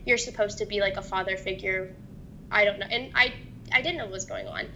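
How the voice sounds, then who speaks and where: Young woman guest, gravelly, bright tone, hesitant speech, faint rumble behind. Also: low-quality recording. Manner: halting, hesitant, many restarts. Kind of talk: personal testimony in an interview.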